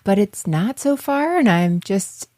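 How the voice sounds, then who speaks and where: Lively, giggly woman co-host. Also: mid-range voice, unhurried. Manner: giggly, animated. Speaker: podcast co-host. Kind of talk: casual podcast chat.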